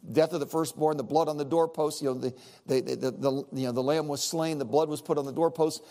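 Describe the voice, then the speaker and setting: A middle-aged man, a Baptist preacher leading a Seder, telling a story in a sermon with lively, repetitive phrasing. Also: medium pitch. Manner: animated, repeats words while telling a story.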